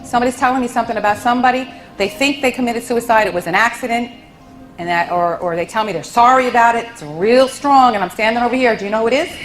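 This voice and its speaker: A woman working as a psychic medium, giving readings to an audience in a gentle, consoling way and calling people honey and sweetheart. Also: a little high, fast, soft background music. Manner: soothing, endearments, relays messages.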